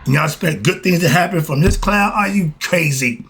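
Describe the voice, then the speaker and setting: A man's voice: fairly high pitch, lively intonation, a little fast, fairly bright tone. A man, delivering a preachy spiritual monologue full of rhetorical questions. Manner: preachy, repetitive, rhetorical questions, chuckles between points. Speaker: channel host.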